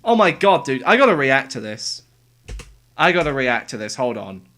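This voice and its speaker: A streamer giving casual live reaction commentary, excitable, with quick exclamations and casual slang aimed at chat. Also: medium pitch. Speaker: livestreamer.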